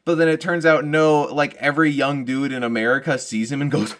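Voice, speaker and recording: A man's voice: on the high side, steady tone, brisk, hardly any pauses, fairly bright tone. A young man with hiccups, doing a rambling, self-deprecating comic monologue and laughing at his own jokes. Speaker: comedian vlogger.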